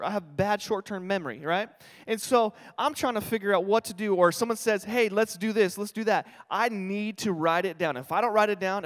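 A man's voice: high voice, fairly bright tone. A man in his thirties from New Mexico, with a New Mexican accent, preaching a conversational sermon in a chatty, self-deprecating way, with frequent restarts. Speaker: pastor. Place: church auditorium. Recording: long hall reverb.

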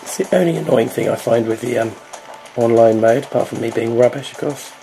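Croaky-voiced man commenting on gameplay. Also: medium pitch, fairly quick, warm tone, faint music behind, low-quality recording. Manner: self-deprecating, hesitant with ums. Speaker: game video host.

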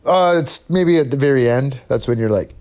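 A man's voice: medium pitch, animated, moderate pace, darkish tone. A laid-back man, a podcast guest, chatting casually, swearing freely and trailing off mid-sentence. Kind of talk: casual chat.

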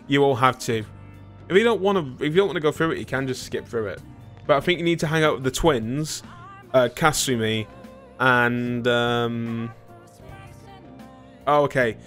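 A British gaming streamer with a mid-range, slightly bright voice rambles and jokes with his chat while playing a video game. His casual let's-play commentary is self-mocking and wandering.

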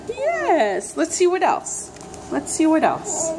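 High sing-song woman doing baby talk. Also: wildly swooping pitch, takes it slowly, background noise. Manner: sing-song, gushing, exaggerated wonder. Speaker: parent reading a picture book to a baby. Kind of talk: baby talk while reading aloud.

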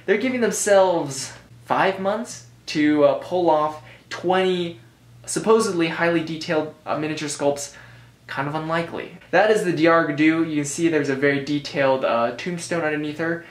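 A man's voice: a little high, normal speed. An American man giving a casual review commentary, rambling with joking asides and frequent self-corrections. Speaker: board game reviewer. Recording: roomy echo.

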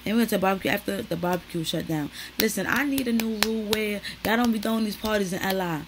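A woman's voice: medium pitch, fast talker, noisy background. A young woman, chatting casually to her viewers and peppering her talk with "like" and "y'all". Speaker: vlogger. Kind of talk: casual chat to camera.

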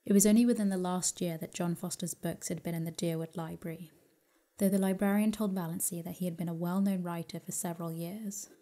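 Mellow-voiced woman reading a sleep story. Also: on the low side. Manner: calm, gentle, slow reading. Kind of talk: soft sleep story narration.

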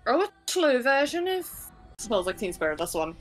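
A woman's voice: fairly high pitch, very animated, moderate pace, soft background music, poor audio. A woman co-hosting a film reaction video in casual chat, chatty and exasperated, laughing often.

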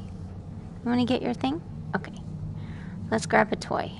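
A woman's voice: fairly high pitch, steady tone, a little slow, gravelly, background noise. A mother playing a scary video game, reacting aloud with gasps and repeated exclamations as she grows frightened. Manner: scared, exclaiming, gasping, repeating herself. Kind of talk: casual gameplay reactions. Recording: home recording with game music behind.

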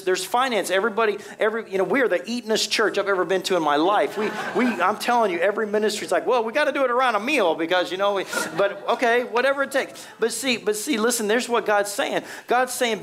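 A man's voice: sits high, a bit bright. A middle-aged male pastor preaching a sermon in an emphatic, conversational way, often repeating himself.

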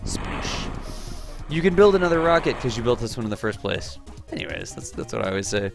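A man in his thirties hosting a live game stream, chatty and excitable, reading chat aloud and laughing often. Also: medium pitch, brisk, creaky, music in the background. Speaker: livestream game host and teacher.

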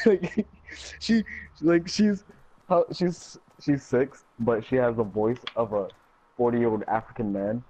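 A man's voice: mid-range voice, slow, dark tone, a little hiss or hum, low-quality recording. A young man giving goofy, joking commentary while he plays a game, often singing snatches of songs. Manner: goofy, joking, breaks into song lines and laughter. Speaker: gamer. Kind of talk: casual gameplay commentary.

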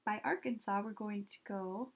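A woman teaching children an art lesson step by step, patient and gently encouraging, often pausing as she draws. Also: medium pitch.

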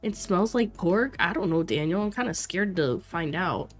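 A young woman from Florida streaming a life sim game, chatting casually with her viewers, reacting loudly and laughing often. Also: fairly low pitch, lively intonation, moderate pace. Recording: faint music behind.

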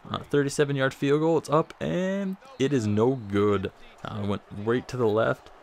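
A man's voice: mid-range voice, moderate pace, gravelly. A man casually commenting over his football video game, rambling and self-deprecating, a bit out of breath. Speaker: gaming commentator.

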